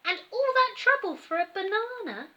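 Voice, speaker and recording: A woman with an English accent reading a storybook aloud, voicing an excitable, eager boy inventor with squeaky, breathless excitement. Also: moderate pace, dull audio, full character voice. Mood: doubtful.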